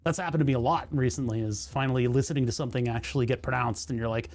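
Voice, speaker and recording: A man's voice: medium pitch, steady tone, fast, darkish tone. A young man from the United States, chatting casually on a live stream, rambling through jokey rants and laughing often.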